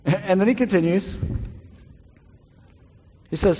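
A man preaching a sermon, animated and conversational, often repeating words as he paraphrases scripture. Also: sits high, a little slow, pauses often, husky. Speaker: pastor. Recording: long reverb of a large hall.

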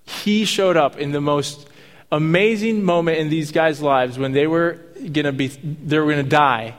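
A man's voice: on the high side, unhurried, big-room sound. A man preaching a sermon, reading scripture and adding casual, jokey asides. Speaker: pastor.

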